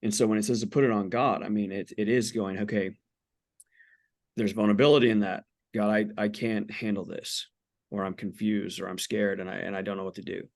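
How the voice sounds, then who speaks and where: A man's voice: on the low side, fairly even intonation, a little fast, vocal fry, darkish tone. A man in his forties, a podcast guest, talking candidly about faith in an earnest, blunt way with casual swearing. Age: 40s.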